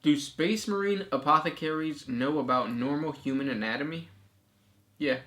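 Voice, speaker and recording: A young man co-hosting a casual chat, reading out viewer questions in a relaxed, agreeable way. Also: fairly high pitch, normal speed.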